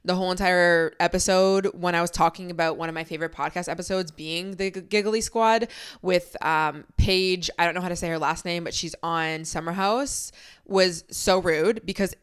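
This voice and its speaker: A woman's voice: on the low side, steady tone, normal speed, clean tone. A young woman hosting a podcast, chatting casually and candidly at home into a microphone, with plenty of "like" fillers. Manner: chatty and candid, heavy use of "like". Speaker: podcast host. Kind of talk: casual chat. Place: home, filming for video. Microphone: studio microphone.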